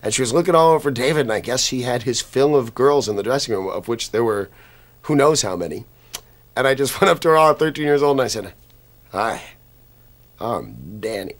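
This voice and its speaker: A man's voice: mid-range voice, lively intonation, quick pace. A man telling a comic anecdote with a wry, joking delivery. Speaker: actor recalling his past.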